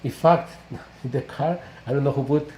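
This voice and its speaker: A man hosts a relaxed parish interview, tossing in little tag questions as he talks. His voice is mellow and dark. The room rings with echo, and a faint noise sits underneath. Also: mid-range voice, normal speed, dull audio. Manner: switches between English and Spanish, tag questions. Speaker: parish priest and host. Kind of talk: casual bilingual interview.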